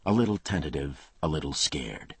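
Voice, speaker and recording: A man narrates a crime thriller in clipped, tense phrases. His voice is extremely low and markedly husky, recorded close and dry. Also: lively intonation, normal speed, dry recording. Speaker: audiobook narrator.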